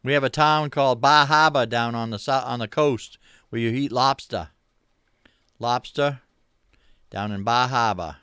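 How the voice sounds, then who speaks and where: A middle-aged man with a Maine accent hosts a laid-back chat with his viewers, rambling along with plenty of fillers. His voice is bright and clear. The sound is dry and close. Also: mid-range voice, measured pace, pauses often, dry recording. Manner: easygoing, rambling, many uh fillers, chuckles. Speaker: livestream host. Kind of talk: casual chat reading viewer comments.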